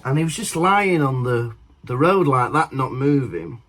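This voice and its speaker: A man's voice: mid-range voice, a little slow. A young man telling a funny anecdote on a podcast, often laughing as he talks. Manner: animated anecdote-telling, laughs through his story. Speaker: podcast co-host. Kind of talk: casual storytelling chat.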